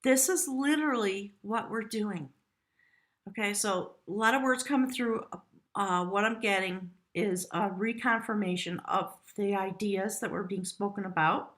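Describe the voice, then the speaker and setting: Middle-aged woman, tarot reader, earnest and rambling, mid-pitched. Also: unhurried, a bit bright. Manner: chatty and earnest, rambling with restarts. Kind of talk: casual tarot reading to camera.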